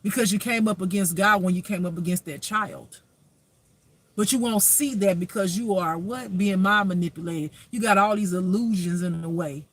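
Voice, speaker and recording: A man's voice: sits high, moderate pace. A man giving a spiritual reading as a life teacher, preaching emphatically with rhetorical questions.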